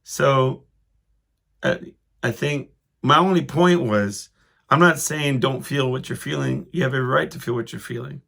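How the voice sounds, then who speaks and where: A man with a gravelly, creaky edge to his mid-pitched voice tells a story on his own podcast. He rambles, cuts himself off and restarts, and chuckles along the way. His tone stays loose and conversational. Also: a little slow, sharp tone. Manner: rambling, self-interrupting, chuckling as he goes. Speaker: podcast host. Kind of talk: casual storytelling monologue.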